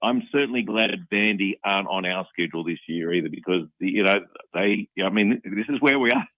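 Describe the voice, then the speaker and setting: A man's voice: low-pitched, brisk, bright, forceful tone, no room sound, poor audio. A man with an Australian accent, calling in to a sports talk radio show and chatting casually. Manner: laid-back, uses mate and bloody. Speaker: caller. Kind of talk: casual call-in chat.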